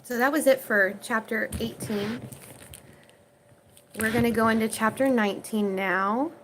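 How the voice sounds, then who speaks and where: A woman's voice: a little high, steady tone, measured pace, fairly bright tone, slight background noise, poor audio. Oklahoma woman retelling scripture casually. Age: under 40. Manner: reads the King James text, then retells it in everyday slang; answers viewer questions chattily. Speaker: online Bible reader. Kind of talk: scripture reading with casual commentary.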